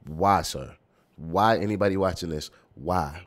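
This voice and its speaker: A young American man with a very low voice gives blunt reaction commentary. He swears freely and sounds openly incredulous at what he hears. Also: a little fast. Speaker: reaction video host.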